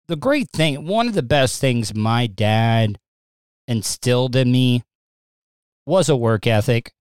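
Man, live-stream host, resonant, slow, stammering, rambling, dry close sound. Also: mid-range voice, clear, resonant tone, no echo. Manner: rambling, stammering restarts, gets agitated. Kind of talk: casual live-stream chat. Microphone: streaming setup mic.

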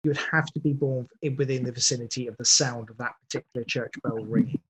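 A man's voice: mid-range voice, steady tone, fast talker, a crowd in the background, poor audio. A man, a guest producer of audio drama, chatting in an interview and often breaking off to restart his sentences. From England. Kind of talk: podcast interview.

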